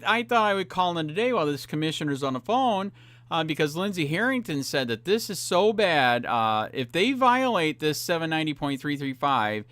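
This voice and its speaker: A man's voice: fairly high pitch, sharp tone, no room sound. A man hosting a cop watch vlog, ranting in a profane, rambling way full of fillers as he grows heated. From Florida. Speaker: cop watch channel host.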